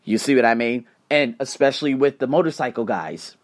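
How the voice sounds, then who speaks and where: A man hosting a solo podcast, talking bluntly with swearing and animated storytelling. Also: mid-range voice, fairly quick. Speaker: podcast host.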